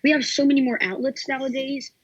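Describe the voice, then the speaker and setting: Chatty woman on a podcast asking questions, slightly high voice, lo-fi audio. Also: steady tone, fast. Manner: chatty, inquisitive. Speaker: podcast guest. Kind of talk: casual podcast chat.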